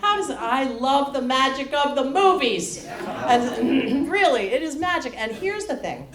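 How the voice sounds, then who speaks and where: Cabaret lady doing stage patter, high voice, animated storytelling, roomy echo. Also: unhurried, far from the mic. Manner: animated storytelling with wry asks to the audience. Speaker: cabaret singer. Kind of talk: chatty stage patter between songs. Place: public library performance space. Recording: echoey room, loud piano. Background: piano accompaniment.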